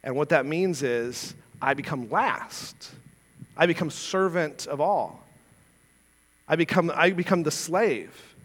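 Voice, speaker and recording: A man's voice: a little high, lively intonation, slow pace, a bit bright, big-room sound. A man preaching a sermon as pastor, earnest and conversational, asking his listeners rhetorical questions. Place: church sanctuary.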